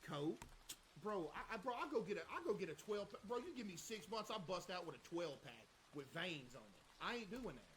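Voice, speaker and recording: A man's voice: sits high, sing-song, a little fast, a bit bright, slight background noise, poor audio. A young man livestreaming in casual chat, joking and bragging in loose slang.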